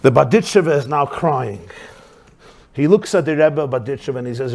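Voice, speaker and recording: A man's voice: medium pitch, expressive, normal speed, vocal fry, a little mellow. A man telling a story to an audience in an emphatic manner, using Yiddish expressions.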